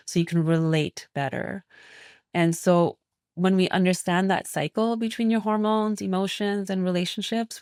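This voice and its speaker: A woman's voice: lowish voice, a little mellow, no room sound, clean studio sound. A woman naturopathic physician speaking as a guest in an interview, explaining in a reflective, flowing way. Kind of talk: interview conversation.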